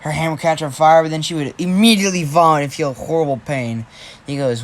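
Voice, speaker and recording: A man's voice: a little high, brisk. A man casually telling a fan-fiction story, rambling, restarting and swearing as he goes.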